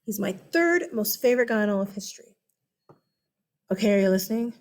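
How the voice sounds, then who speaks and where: An American woman giving a casual, animated history lesson, chatty and full of asides and check-ins. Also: mid-range voice, a little fast. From United States. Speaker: history teacher. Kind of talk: casual classroom-style lecture.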